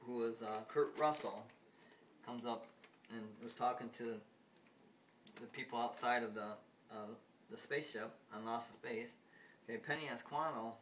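A man casually retelling a TV episode, rambling and halting with many fillers, recorded on a phone. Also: mid-range voice, fairly bright tone, far from the mic, slight background noise.

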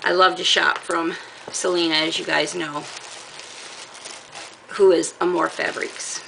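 A middle-aged woman with a gravelly voice, casually chatting as she shows off fabric from a craft haul, rambling and laughing often. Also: fairly low pitch, little pitch movement, measured pace, fairly bright tone, a little hiss or hum, low-quality recording. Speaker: crafting channel host. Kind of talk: casual haul show-and-tell.

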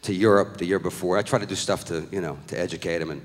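A middle-aged man doing a stand-up comedy routine, telling a story with profane, animated outbursts. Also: low-pitched, fast. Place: live comedy venue with audience. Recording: echoey live hall recording.

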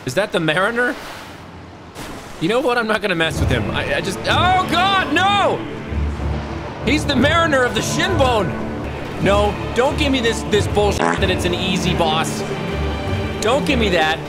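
A man giving excitable gameplay commentary who yells and swears at the game. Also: high-pitched, normal speed, long pauses. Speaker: gaming channel host. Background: game music.

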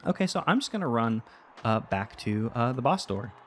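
A man's voice: medium pitch, big pitch swings, moderate pace, a bit bright, soft background music. A man casually commenting on his video game, rambling, joking at his own expense and talking to the creatures on screen, his voice a little worn. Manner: rambling, self-mocking, talks to game creatures. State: voice getting worn. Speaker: let's play host.

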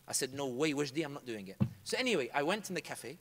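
Fast-talking man with a high voice. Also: big pitch swings, a bit bright, big-room sound. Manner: fast, emphatic, mixes in Arabic phrases. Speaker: public speaker. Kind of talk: animated storytelling talk.

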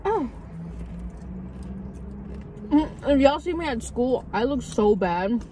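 A teenage girl chats through an eating vlog in a slangy, casual way. Her voice sits a little high, and she talks around her food. Faint car and outdoor noise hums behind her. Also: expressive, takes it slowly, dark tone, low-quality recording. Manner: chatty, slangy, talks with mouth full. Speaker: vlog host. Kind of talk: casual mukbang chat.

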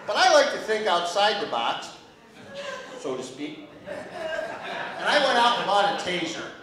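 Crude high-voiced comic in his fifties. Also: huge pitch swings, unhurried, background noise. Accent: American. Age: 50s. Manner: crude, conversational, keeps asking "right?". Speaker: stand-up comedian. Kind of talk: stand-up comedy set. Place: comedy club stage with a laughing audience. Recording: echoey room, distant mic, crowd laughter.

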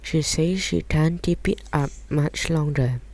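Woman voicing a bossy centipede, storybook, low voice, shouted orders. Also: unhurried.

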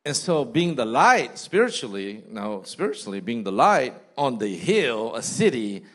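Animated man preaching a sermon. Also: medium pitch, unhurried. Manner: animated preaching, mimics people in quoted asides. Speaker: pastor. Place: church sanctuary.

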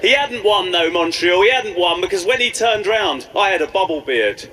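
Brief: man, stand-up set, playful crowd work, higher voice, stage mic in a noisy live club. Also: lively intonation, normal speed, few pauses, sharp tone. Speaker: stand-up comedian. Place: comedy club stage before a live audience. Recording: live club with audience noise.

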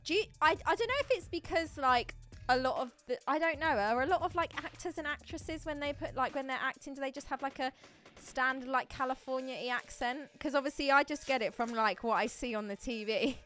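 A woman's voice: high-pitched, fairly quick, a bit bright, soft background music. Chatty giggly woman streamer. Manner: chatty, giggly, answering viewers. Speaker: streamer opening trading card packs. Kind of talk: casual live-stream chat.

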